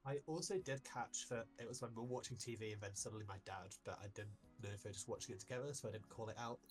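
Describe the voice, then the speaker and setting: A man's voice: lowish voice, quick pace, slightly rough, faint music behind. A man playing in a tabletop game, wry and joking with the game master. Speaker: player.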